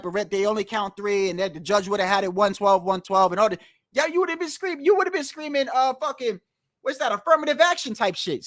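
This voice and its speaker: A man's voice: extremely high pitch, a bit bright, dry recording, clean studio sound. A man giving a heated, profane boxing commentary rant, repeating his points for emphasis. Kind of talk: ranting vlog commentary.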